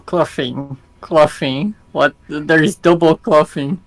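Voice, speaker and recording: Slow, halting man reading aloud. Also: fairly high pitch, gravelly. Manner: halting, hesitant, stops to puzzle over words. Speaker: co-player translating signs.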